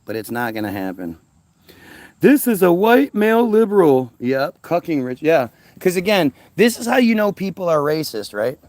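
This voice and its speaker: Heated, swearing man ranting, fairly high voice. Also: no room sound. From United States. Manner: heated, stammers and repeats words, swears often. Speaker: vlogger. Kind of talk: profane ranting monologue.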